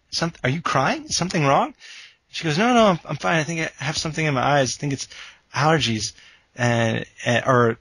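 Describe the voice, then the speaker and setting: A man's voice: medium pitch, sharp tone, no room sound, poor audio. A young man co-hosting a podcast, telling stories in a rambling way with lots of fillers and restarts. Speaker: podcast co-host. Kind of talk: casual podcast chat.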